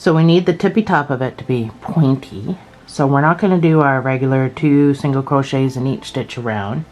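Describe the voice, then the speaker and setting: A woman's voice: very deep voice, moderate pace, a little mellow, soft background music, rough recording. Chatty Scottish woman teaching crochet. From Scotland. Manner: chatty and self-deprecating, thinking aloud. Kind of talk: casual step-by-step craft tutorial.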